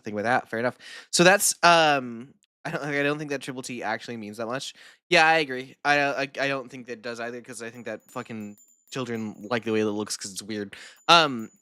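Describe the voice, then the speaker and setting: Streamer woman, bright and animated, giggly and foul-mouthed, dry mic. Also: very deep voice, fairly quick, smooth, no room sound. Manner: swearing, giggly, repeats words over and over. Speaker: streamer reacting to videos. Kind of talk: casual reaction stream chat.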